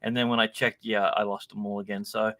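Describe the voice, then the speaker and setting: Um homem da Austrália, convidado de podcast, conversando de forma falante e um pouco dispersa. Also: male voice, lowish voice, little pitch movement, a little fast, a bit bright, no echo. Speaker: podcast guest, YouTuber. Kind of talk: casual chat.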